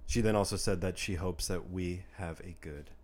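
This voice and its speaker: A man's voice: deep voice, moderate pace, darkish tone. A man co-hosting a casual chat show, playfully reading out listener submissions. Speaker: co-host.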